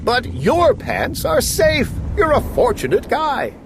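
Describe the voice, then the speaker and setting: A man's voice: very high voice, slow, background noise. Man reading a rhyming storybook, sing-song. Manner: lively sing-song storytelling, playful emphasis. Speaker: storybook reader. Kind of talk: reading a children's book aloud.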